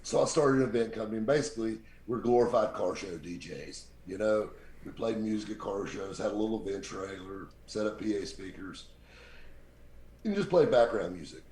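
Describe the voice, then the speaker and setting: A man with a very deep voice, telling lively stories as a podcast guest and acting out the people he quotes. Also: a little fast. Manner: animated anecdote-teller, acts out quoted people. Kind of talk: casual storytelling. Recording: roomy echo.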